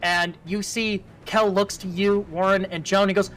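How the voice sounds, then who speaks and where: A man's voice: high-pitched, little pitch movement, normal speed, few pauses, fairly bright tone, faint music behind. A man narrating a tabletop role-playing game as game master, casual, with fillers and sound effects.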